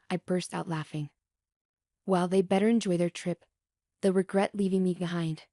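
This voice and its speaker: A woman reading a scripted first-person story, calm and steady throughout. Her voice sits a little low with a mellow, warm tone. The recording is dry and close, with no room sound. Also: dry recording. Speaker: story narrator.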